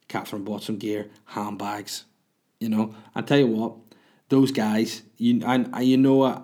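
A man's voice: lowish voice, darkish tone. A man in his thirties, a podcast host, telling a rambling, crude, self-mocking story in casual monologue.

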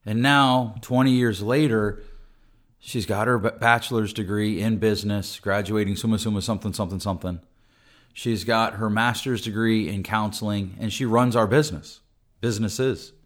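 A man's voice: fairly low pitch, fairly even intonation, moderate pace. A middle-aged man talking earnestly and conversationally as a podcast host, often restarting his sentences. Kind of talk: podcast monologue.

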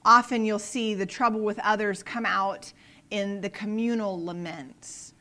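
Bright-voiced woman teaching scripture. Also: mid-range voice, steady tone, unhurried. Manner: earnest, acts out prayers in quoted voices. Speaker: Bible study teacher. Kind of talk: casual devotional teaching.

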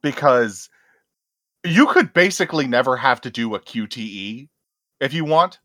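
Casting: man, upbeat and enthusiastic, bright tone, lively pitch. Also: normal speed, no echo, studio quality. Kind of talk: casual chat.

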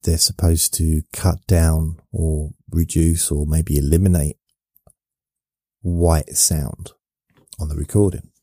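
A man hosting a podcast, softly spoken, rambling along in a meandering monologue meant to lull listeners to sleep. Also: a bass voice, flat delivery, takes it slowly, dry recording. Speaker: podcast host.

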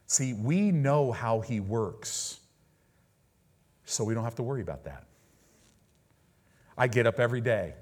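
A man's voice: medium pitch, animated, measured pace, long pauses, darkish tone. Man preaching with sudden emphatic bursts. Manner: conversational preaching with sudden emphatic peaks and quoted prayers. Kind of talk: sermon.

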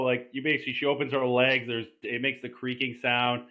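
A man guesting on a podcast, telling bawdy stories in a casual, animated way and shouting the punchlines. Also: medium pitch, a little fast, narrow, tinny audio. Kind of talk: casual crude podcast chat.

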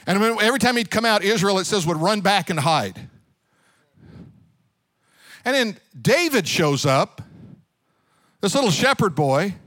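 Brief: high-voiced male pastor, animated storyteller, dry close mic. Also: measured pace, long pauses, no room sound. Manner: animated storytelling, direct questions to the congregation. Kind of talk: sermon.

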